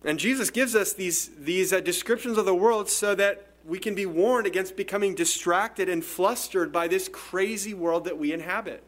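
A man's voice: high-pitched, normal speed, few pauses. A man preaching an expository sermon in a conversational, explanatory way, often restarting phrases. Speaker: pastor.

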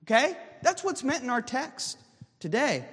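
A man's voice: extremely high pitch, sing-song, unhurried, fairly bright tone, husky, big-room sound. A man preaching a sermon, explaining scripture and checking in with the congregation with frequent "okay?". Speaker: pastor.

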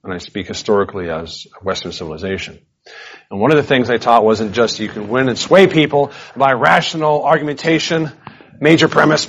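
A man giving a verse-by-verse Bible teaching, animated and emphatic, with casual conversational asides. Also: medium pitch, muffled recording.

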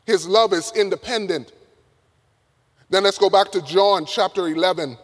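A man preaching a sermon to college students, emphatic, swinging from loud to hushed. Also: sits high, normal speed. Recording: reverberant hall.

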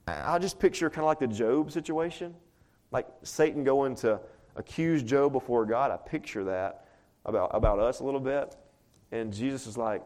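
A man's voice: fairly low pitch, moderate pace, darkish tone. A man preaching a sermon to a congregation in a chatty, conversational way, often asking rhetorical questions. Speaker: pastor. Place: church before a congregation.

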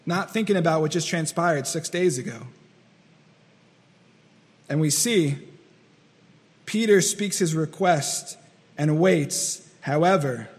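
Male pastor, high-pitched, earnest sermon delivery with long hall reverb. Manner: earnest, repetitive, acts out quoted voices.

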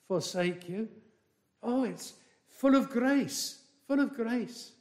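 Guy preaching a sermon, unhurried, high voice, hammers the same lines over and over. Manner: slow and emphatic, swinging from loud to hushed; repeats key words and phrases for stress.

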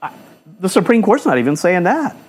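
Impassioned high-voiced preacher man. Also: big pitch swings, fairly quick, a little mellow, slightly rough. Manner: impassioned, rhetorical questions, repeats phrases. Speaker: pastor. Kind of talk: fiery sermon. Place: church.

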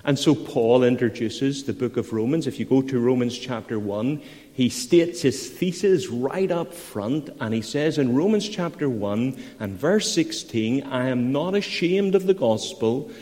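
A man's voice: mid-range voice, animated, measured pace, warm tone. A man preaching a sermon as pastor, reading scripture and then explaining it in earnest, rising emphasis. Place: church. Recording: long church reverb.

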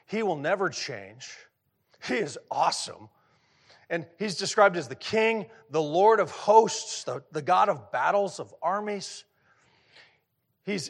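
Slightly high and fairly bright, this middle-aged man's voice carries a sermon delivered conversationally. The pastor poses questions to the audience and frequently restarts, repeating words as he goes.

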